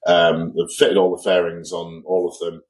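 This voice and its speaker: A man from England co-hosts a podcast, chatting casually and telling an anecdote in which he acts out what people said. His low, darkish voice is completely flat, at a normal pace, and the recording is rough.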